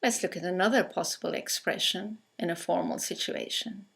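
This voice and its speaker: A woman teaching English in a scripted lesson, speaking with clear, careful delivery as she reads out example phrases. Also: on the low side, normal speed, a bit bright.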